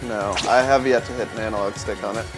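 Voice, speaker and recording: A man co-hosting a casual gaming stream, chatting in a relaxed way and laughing often. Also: lowish voice, fast talker, music in the background. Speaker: co-host.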